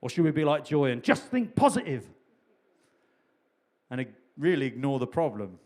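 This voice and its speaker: Chatty pastor preaching. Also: male voice, medium pitch, big pitch swings, moderate pace, darkish tone. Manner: chatty, humorous preaching with repeated key phrases. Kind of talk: sermon.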